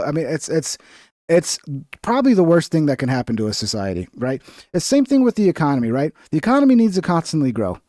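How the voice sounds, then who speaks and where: A man ranting through a casual reaction stream, blunt and full of swearing. His voice is mellow and relaxed in tone, a little higher than most men's, and the sound is dry and close. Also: dry recording. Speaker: streamer host.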